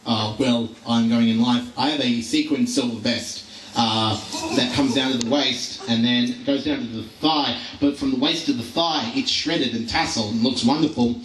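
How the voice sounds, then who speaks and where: Rambling young comedian on stage. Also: male voice, medium pitch, slight background noise. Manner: rambling, self-deprecating, with many fillers and restarts. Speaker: stand-up comedian. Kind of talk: live stand-up set. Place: live comedy venue. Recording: roomy live venue recording from far off.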